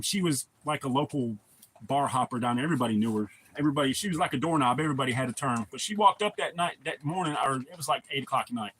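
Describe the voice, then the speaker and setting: Husky-voiced man telling blunt stories. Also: a little high, fairly bright tone, rough recording. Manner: profane, blunt and talkative. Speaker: live streamer. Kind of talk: casual storytelling to a live chat.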